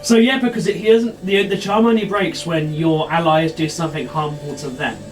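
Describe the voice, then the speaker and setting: A man's voice: a little high, normal speed, far from the mic, faint music behind, low-quality recording. A man running a tabletop game as game master, who explains the rules step by step.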